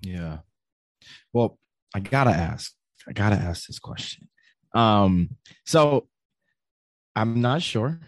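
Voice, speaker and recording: A male podcast host asks his questions playfully, stopping and restarting as he goes. He talks very slowly in a lowish voice. The sound is dry and close. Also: expressive, no echo. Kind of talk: casual conversation.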